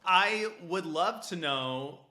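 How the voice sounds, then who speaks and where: A man hosting a casual interview podcast. He does a quick sponsor read and asks long, rambling questions. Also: high-pitched, lively intonation, bright, forceful tone. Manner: quick sponsor read, then short listening cues. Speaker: podcast host.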